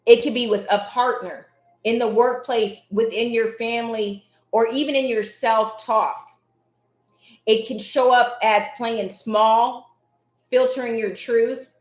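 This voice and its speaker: A woman hosts a motivational live stream, speaking with emphasis and circling back to the same phrases again and again. Her voice sits a little high. The sound has a roomy echo around it. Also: fairly even intonation, a little slow. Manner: emphatic, repeats key phrases, reads chat names aloud.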